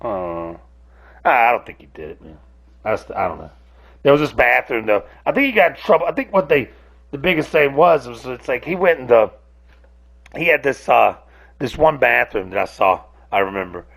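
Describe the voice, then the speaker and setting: Man, solo podcast rant, gravelly creaky voice, rambling, foul-mouthed. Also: medium pitch, animated, normal speed, fairly bright tone. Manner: rambling, profane, self-interrupting. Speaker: podcast host.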